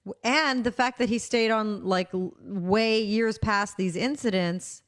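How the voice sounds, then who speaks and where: A woman's voice: mid-range voice, measured pace. A woman guest on a radio talk show, chiming in casually and agreeing with the host. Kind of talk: casual chat.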